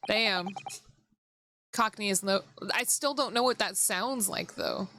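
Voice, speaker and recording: A woman's voice: medium pitch, slow. A woman streamer giving casual gameplay commentary, blunt and curious, cursing and asking questions. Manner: blunt, curses, laughs a lot, asks wondering questions. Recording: background music playing.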